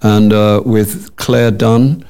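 Man actor guest, gravelly low voice, rambling chat. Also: little pitch movement, extremely slow, warm tone. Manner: rambling, many restarts and fillers. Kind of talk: casual interview chat.

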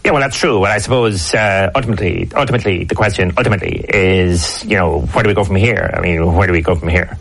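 A man plays a radio rugby pundit in a comedy sketch. His voice is very low and he talks fast. He waffles and repeats himself in a deadpan way. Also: gravelly, slightly rough.

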